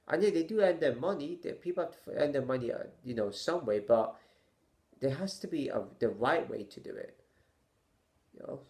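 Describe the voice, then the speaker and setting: A man with a voice of ordinary middle pitch rants to his camera. His delivery stumbles and stammers as he restarts sentences, and he sighs in exasperation between rhetorical questions. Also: a little mellow. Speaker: vlogger. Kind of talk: opinion rant to camera.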